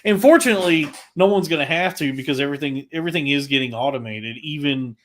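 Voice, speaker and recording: A man's voice: on the high side, quick pace, a little hiss or hum. A man talking casually on a podcast, telling a rant in a crude, profanity-heavy way with lots of restarts. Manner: animated, frequent restarts.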